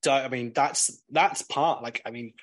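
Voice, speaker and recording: A man's voice: medium pitch, measured pace. Blunt, ranting man. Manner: blunt, swears freely, ranting. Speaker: guest, clothing brand owner. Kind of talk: casual podcast chat.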